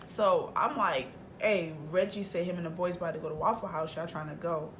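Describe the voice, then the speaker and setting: A young woman vlogger telling a casual storytime, animated and acting out every quote with big jumps in her voice. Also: fairly low pitch, brisk, slight background noise.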